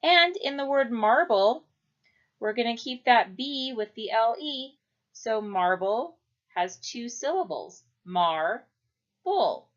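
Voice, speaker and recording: Woman teacher, children's phonics lesson, slow and deliberate, lively pitch, dull lo-fi sound. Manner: slow, clear, stretching out syllables. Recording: dull lo-fi recording.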